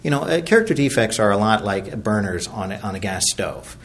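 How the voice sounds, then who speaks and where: A man's voice: lowish voice, big pitch swings, brisk. A middle-aged man from Virginia sharing his recovery story at a meeting, rambling and self-deprecating, with many fillers and restarts. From Virginia, USA.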